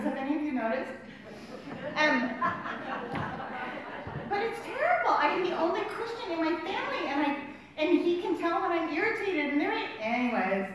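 Middle-aged woman, Bible study teacher: high, animated, chatty asides, very echoey room. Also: slight background noise. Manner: chatty, self-deprecating, frequent asides and "right?" tags.

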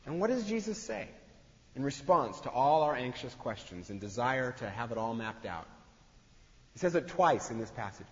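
A man's voice: medium pitch, very animated, normal speed. A man preaching a sermon in a conversational way, acting out the voices he quotes. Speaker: pastor. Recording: dull sound in a long-echo hall.

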